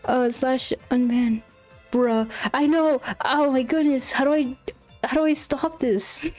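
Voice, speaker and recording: With soft music in the background, a young woman streams herself drawing, her high-pitched voice a little slow, a little mellow and steady in tone. Flustered and apologetic, she often laughs and exclaims while chatting with viewers.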